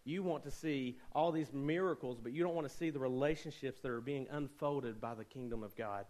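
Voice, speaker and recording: A man's voice: mid-range voice, brisk, darkish tone, rough recording. A young man preaching a sermon as pastor, conversational with joking asides and rising emphasis.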